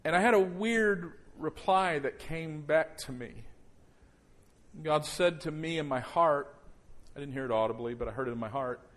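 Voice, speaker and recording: A man preaching a sermon as pastor before a congregation, slowing right down and dropping to a near hush for emphasis, then rising loud. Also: fairly high pitch. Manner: slows down and drops soft for emphasis, then rises loud. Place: church service before a congregation.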